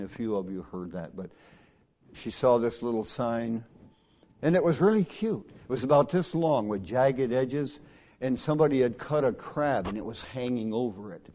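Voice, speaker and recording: Folksy preacher man, hushed to shouting. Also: medium pitch. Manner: folksy storyteller, swings from hushed to loud and emphatic. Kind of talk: sermon with personal anecdotes.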